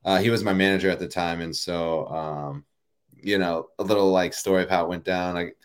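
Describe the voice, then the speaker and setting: A man in his thirties, a baseball player, telling a story in a relaxed, rambling way full of fillers. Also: low voice, brisk, smooth. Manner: relaxed, rambling, many fillers like "you know" and "like". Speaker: professional baseball player, guest. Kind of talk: casual interview storytelling.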